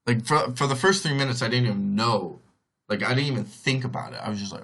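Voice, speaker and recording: A man's voice: medium pitch, moderate pace, fairly bright tone. A young man tells a story alone into the mic, loose and chatty. His voice sits in an ordinary middle register. He keeps saying "like", restarts his sentences and briefly mimics relatives as he goes. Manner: rambling, heavy on "like", acts out others' voices. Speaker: podcast host. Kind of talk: casual storytelling monologue.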